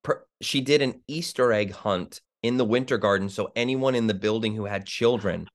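A middle-aged man from New Jersey, a Broadway actor being interviewed, telling stories in an animated way and acting out the voices of the people he quotes. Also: lowish voice, moderate pace. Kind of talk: conversational interview.

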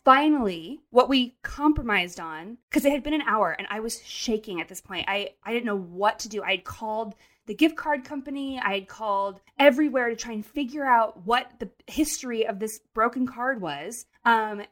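A woman co-hosting a casual chat, telling a story in an animated way with lots of restarts. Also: on the high side, moderate pace. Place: New York City.

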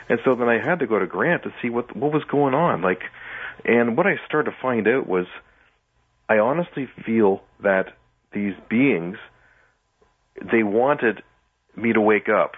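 A man's voice: mid-range voice, lively intonation, moderate pace, breathy edge. A man, a musician guest, telling his own story in a casual interview and acting out his past reactions. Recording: tinny phone line.

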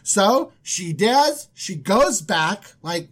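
A woman co-hosting a casual chat, retelling a Bible story in an animated, joking way and acting out the quotes. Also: medium pitch, normal speed. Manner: animated and joking, acts out quotes, laughs often. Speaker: podcast co-host.

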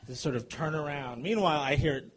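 Man, live storyteller, comic retelling, fairly high voice, chuckling now and then. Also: fairly quick, crowd noise. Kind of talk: live storytelling for a stage audience.

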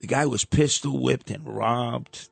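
A man's voice: medium pitch, fairly even intonation, unhurried, gravelly, slightly rough, dry recording. An older man hosting a radio talk show, rambling and wisecracking as he ribs his younger co-hosts. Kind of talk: casual talk radio banter.

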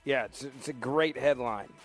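A man's voice: medium pitch, normal speed, faint music behind. A man hosting a talk radio show, speaking in an emphatic, mocking, repetitive way into a studio microphone.

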